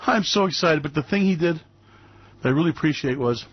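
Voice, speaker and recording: A man's voice: on the high side, brisk, husky, no room sound, highs cut off. A man hosting a finance radio show in a sarcastic, theatrical, mock-gushing way. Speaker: host.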